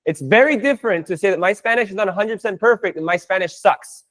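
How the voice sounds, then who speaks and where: A man's voice: high-pitched, fast, fairly bright tone. A man teaching a live online Spanish class, playful and chatty, breaking down jokes and phrases for his students.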